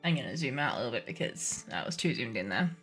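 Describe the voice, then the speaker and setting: A woman's voice: very deep voice, very animated, quick pace, fairly bright tone, soft background music. A woman running a tabletop game on stream as game master, chatty and giggly, switching between casual asides and narration.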